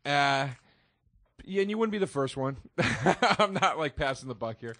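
A man's voice: mid-range voice, expressive, moderate pace, sharp tone. A man guesting on a podcast, arguing his side in casual banter with insistent, argumentative talk.

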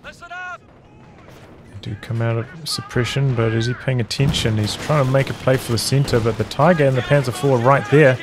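Calm male strategy game caster. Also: mid-range voice, normal speed, background noise. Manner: calm, analytical, even-paced. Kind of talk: strategy game play-by-play commentary. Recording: commentary over loud game sound. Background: gunfire, artillery and vehicles.

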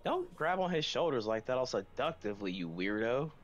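A man playing a co-op game at home with friends, excitable, swearing and yelling at the screen. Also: mid-range voice, brisk, highs cut off, soft background music. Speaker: gamer. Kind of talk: casual co-op gaming chat. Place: room at home.

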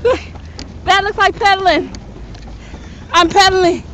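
Breathless high-voiced woman on a paddle boat. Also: fairly even intonation, a little slow, a bit bright, a little hiss or hum, poor audio. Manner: playful, chatty, complaining. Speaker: vlogger. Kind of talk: casual vlog chat. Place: outdoors on a paddle boat on the water.

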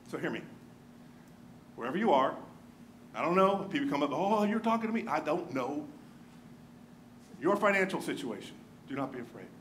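Pastor guy, highish voice, animated sermon, goes real quiet sometimes, faint hiss behind. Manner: animated storytelling, dropping to a hushed near-whisper for emphasis. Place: church sanctuary.

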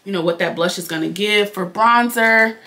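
A young woman with a nasal Detroit accent chatting fast and casually to her viewers while doing her makeup at home. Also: mid-range voice, bright, forceful tone. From Detroit, Michigan. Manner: fast-talking, chatty, addresses viewers as y'all. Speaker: beauty vlogger.

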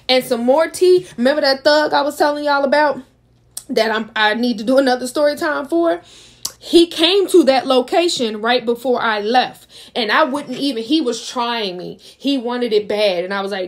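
A woman's voice: fairly high pitch, moderate pace. Chatty woman telling a dramatic story. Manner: chatty, dramatic, talks straight to her viewers. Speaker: vlogger. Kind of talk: casual storytime.

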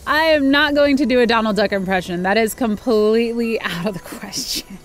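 A woman's voice: on the high side, fairly quick. A woman in her thirties giving casual, chatty gameplay commentary, giggling and exclaiming at what she finds. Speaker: game streamer. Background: faint game music.

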